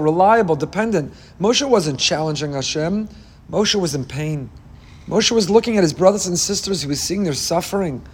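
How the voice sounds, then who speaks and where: A man's voice: high voice, breathy edge. A man, a rabbi, giving an impassioned Torah sermon with a repetitive rhetorical cadence. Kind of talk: Torah sermon on the weekly portion.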